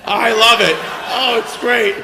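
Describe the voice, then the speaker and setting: A man's voice: very high-pitched, steady tone, a little slow. A man doing brash, teasing crowd work as a stand-up comedian in front of a live audience. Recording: live room with crowd laughter and noise.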